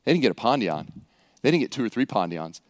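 A man's voice: on the low side, sing-song, fast talker, in a large hall. A man preaching a sermon, acting out scenes with humor. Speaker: pastor.

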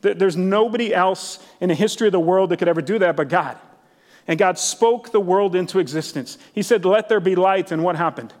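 A man's voice: high-pitched, fairly quick. A middle-aged man pastor giving a casual, enthusiastic sermon, peppered with "like" and "literally". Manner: casual, enthusiastic, many "like" fillers. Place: church sanctuary. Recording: long church hall reverb.

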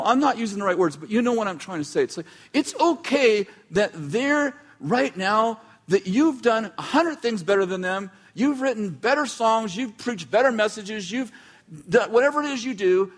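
Man, high voice, preacher, chatty sermon, self-interrupting, wry asides. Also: animated, normal speed. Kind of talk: conversational sermon.

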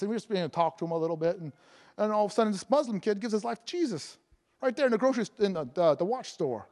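A man evangelist preaching a sermon, joking and laughing between lines and breaking into loud proclamations of scripture. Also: high voice, animated, quick pace. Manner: jokey, laughing often, bursts of loud proclaiming.

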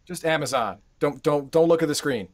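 A man's voice: on the high side, fairly quick, over a noisy crowd. Easygoing male stream co-host. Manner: easygoing, agreeable sidekick banter. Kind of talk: casual live-stream chat.

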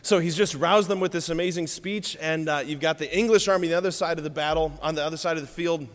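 A man preaching a sermon, telling stories with lively, playful asides to the congregation. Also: on the high side, quick pace, big-room sound.

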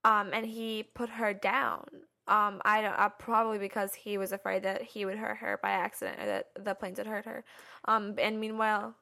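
A woman's voice: medium pitch, normal speed, gravelly, bright, forceful tone. A woman in a casual film discussion, talking hesitantly and filling her speech with ums and likes.

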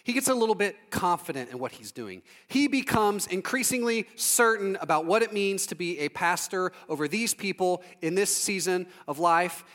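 High-voiced male preacher in a reverberant hall. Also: normal speed, hardly any pauses. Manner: conversational and humorous, with lively acted-out asides. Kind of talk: storytelling sermon.

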